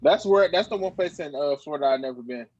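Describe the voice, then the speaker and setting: A man's voice: fairly high pitch, lively intonation, darkish tone. A man in a casual group chat giving blunt, short verdicts, recorded with a dull lo-fi sound. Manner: blunt, quick one-line verdicts.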